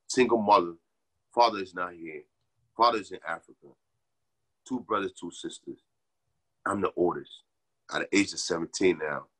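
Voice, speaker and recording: A young Liberian man recounts his life story in a casual interview, speaking in a low, husky voice. He's animated and keeps asking "you know what I'm saying."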